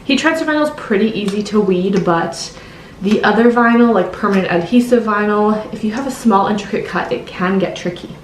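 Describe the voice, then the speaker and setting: A woman's voice: medium pitch, brisk, roomy sound, a little hiss or hum, rough recording. A woman hosting a craft tutorial, walking through steps in a chatty, friendly way. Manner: chatty, friendly, recommends products. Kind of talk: casual step-by-step tutorial voice-over.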